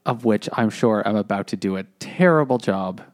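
A man's voice: lowish voice, animated, moderate pace. A man co-hosting a podcast in casual chat, recapping a story with fillers. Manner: summarizing the plot with fillers. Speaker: podcast co-host.

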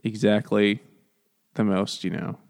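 A man co-hosting a casual comedy book podcast, laughing often and acting out the characters in quick put-on voices. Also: fairly low pitch, flat delivery, gravelly. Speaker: podcast co-host.

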